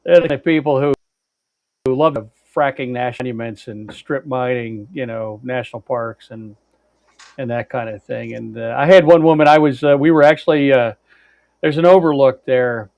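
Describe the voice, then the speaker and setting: A podcast co-host casually spins a long road-trip story, full of fillers, restarts, and some blunt swearing. His mid-range voice is creaky and darkish at a normal speed, recorded dry and dull in lo-fi with no room sound.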